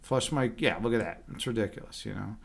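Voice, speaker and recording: A man's voice: fairly low pitch, fast talker, vocal fry. A man chatting casually on a livestream as a chess instructor. He rambles and fills his talk with "like" and "you know". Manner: talks loudly at times.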